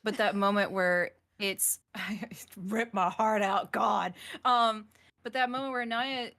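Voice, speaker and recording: A woman hosting a casual live-stream interview. She gushes, laughs easily and rambles through her questions. Her voice is bright and forward. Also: medium pitch, fairly even intonation, slow pace. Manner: chatty, laughing, gushing, asks rambling questions. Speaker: host.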